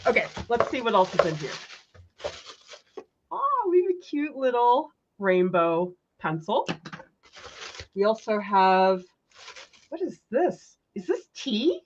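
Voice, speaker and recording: A woman art teacher hosting a casual livestream, gushing with excited exclamations. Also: fairly high pitch, takes it slowly, pauses often, lo-fi sound.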